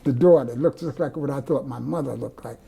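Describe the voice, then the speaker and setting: A man's voice: medium pitch, fairly quick, vocal fry, warm tone, slightly rough. An older man, an artist, telling rambling stories with many restarts in an oral-history interview, speaking indoors among his artworks. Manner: rambling, digressive storyteller with restarts.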